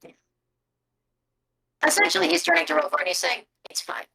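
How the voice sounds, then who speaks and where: A woman's voice: extremely high pitch, fast talker, creaky, pushed and bright. A woman narrating a tabletop game as game master over a video call, descriptive and prone to self-corrections.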